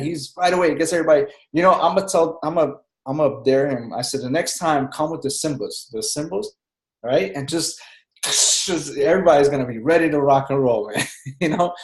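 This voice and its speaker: Excited, rambling man on an echoey call. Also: on the high side. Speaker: team member speaking on a group call. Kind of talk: casual chat on a conference call.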